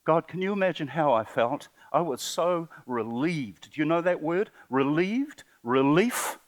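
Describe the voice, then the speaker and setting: A man's voice: fairly high pitch, animated. Older New man, impassioned storyteller. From New Zealand. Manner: emotional, halting, earnest, with rising bursts. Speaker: poet and sculptor giving a talk. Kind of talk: impassioned personal storytelling speech. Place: conference seminar venue.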